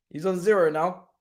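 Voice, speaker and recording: Excitable slangy young man, rather high voice. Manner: excitable, slangy, laughs often, swings loud and quiet. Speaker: livestream watchalong host. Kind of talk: live football watchalong chat.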